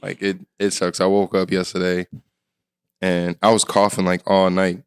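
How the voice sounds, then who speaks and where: A man co-hosting a podcast in casual chat, hoarse from losing his voice and telling stories loosely with plenty of swearing. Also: deep voice, monotone, moderate pace, dry recording, clean studio sound. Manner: loose, profane storytelling. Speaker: podcast co-host.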